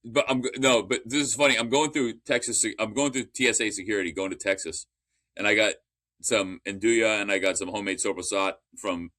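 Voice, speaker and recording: A man with a low, bright-edged voice tells a story on a casual sports podcast. He rambles eagerly, restarts his sentences and drops the odd curse. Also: steady tone, brisk.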